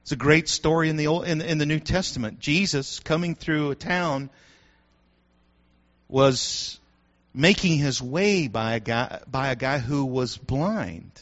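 Animated preacher with a bright, high voice. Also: male voice, a little slow. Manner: animated, builds to shouting, joking asides. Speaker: pastor. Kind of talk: sermon. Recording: dull lo-fi sound.

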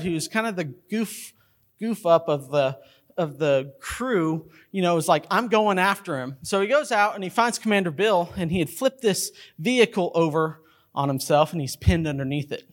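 A middle-aged pastor with lively intonation and a normal speaking speed preaches a sermon to his congregation in a church sanctuary. He tells stories as he goes, acting out movie characters in a high voice.

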